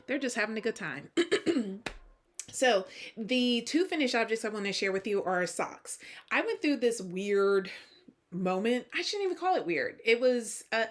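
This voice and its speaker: A tired woman in her thirties with a slight Southern US twang, hosting a casual knitting vlog in a chatty, self-deprecating way. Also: a little high. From Georgia, US. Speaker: host.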